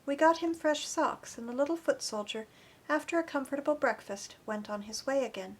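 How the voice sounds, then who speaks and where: A woman reading an audiobook chapter in an earnest, expressive narration. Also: high-pitched, a little fast. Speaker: audiobook reader. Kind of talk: scripted narration.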